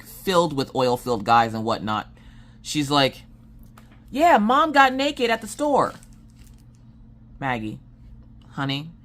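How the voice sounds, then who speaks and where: A woman in her thirties, casually telling a family story and acting out her family's lines in a jokey way. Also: rumbling low. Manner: animated, jokey, acts out family members' lines. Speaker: vlogger telling family stories.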